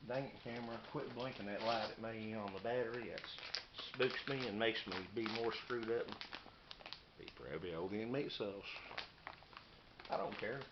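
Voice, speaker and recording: A man's voice: medium pitch, steady tone. A man, rambling casually and hurrying through his unboxing vlog. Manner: folksy, rambling, hurried. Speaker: YouTuber showing knives and meal kits. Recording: muffled lo-fi camera audio with noise.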